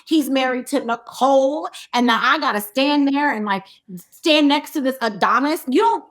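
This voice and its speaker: A woman in her forties, a guest on a chat podcast, telling a story with lively, laughing energy. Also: sits high, normal speed. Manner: animated, laughing storyteller who insists on setting up.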